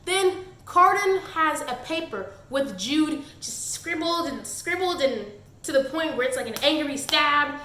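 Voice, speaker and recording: A woman's voice: sits high, lively intonation, measured pace, bright, forceful tone. A woman reviewing a book on her channel, exasperated and sarcastic in her critique. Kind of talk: casual book review vlog. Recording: echoey room.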